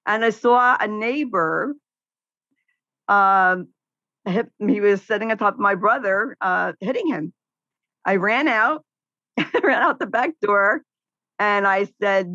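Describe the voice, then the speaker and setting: A woman's voice: mid-range voice, a little slow, dry recording. Outspoken woman telling stories, lo-fi. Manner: outspoken, animated storytelling with laughs. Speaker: podcast guest, caregiver advocate. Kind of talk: casual interview conversation.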